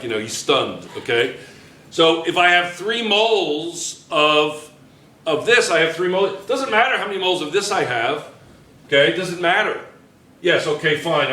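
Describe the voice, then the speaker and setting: A male chemistry teacher in a classroom, talking in a bright, forceful voice a little higher than most men. He repeats himself for emphasis and jokes easily with his students. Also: reverberant. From United States.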